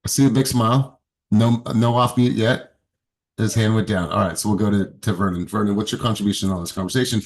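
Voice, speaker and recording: A man's voice: fairly low pitch, a little fast. A man coaching a sales team on a video call, blunt and profane, acting out client dialogue. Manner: blunt, profane, animated, acts out quotes.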